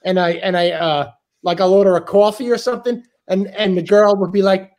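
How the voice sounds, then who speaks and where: A man with a New York accent, an excitable storyteller in casual podcast chat. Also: high voice, brisk. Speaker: metal band member.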